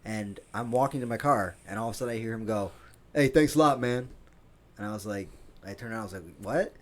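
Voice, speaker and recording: A man's voice: on the low side, fairly even intonation, very fast. A man co-hosting a casual comedy podcast, telling a rambling story and laughing often. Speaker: podcast co-host. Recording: faint noise, home studio.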